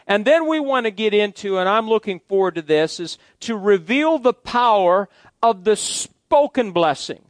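A man's voice: sits high, dry recording. A middle-aged male pastor preaching a sermon in a folksy way, joking with his congregation between points.

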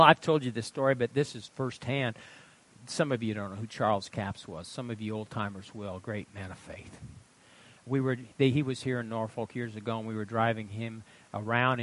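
A man preaching a sermon in an impassioned storytelling manner, swinging from loud outbursts to hushed asides. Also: medium pitch. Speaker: pastor.

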